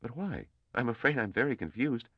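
A man's voice: medium pitch, expressive, brisk, slightly rough, no echo, lo-fi sound, voice pushed up. A man voicing an earnest, anxious young male scholar who speaks deferentially under pressure. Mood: nervous.

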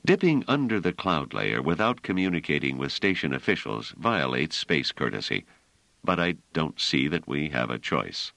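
Guy reading an audiobook, really deep voice, lively ups and downs, dry close sound. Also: moderate pace, vocal fry, no echo. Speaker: audiobook narrator. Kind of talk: scripted narration.

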